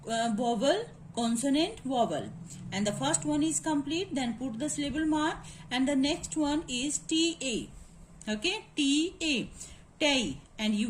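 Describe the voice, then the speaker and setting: Woman teacher, high voice, slow deliberate pace, spells out sounds one by one, faint hiss behind. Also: low-quality recording. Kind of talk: phonetics lesson walkthrough.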